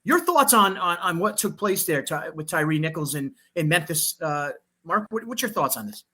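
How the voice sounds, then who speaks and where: A man's voice: on the high side, sing-song, normal speed, pushed and bright, husky. A man hosting a political talk show, fired up and emphatic, repeating phrases and restarting his sentences. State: fired up on coffee.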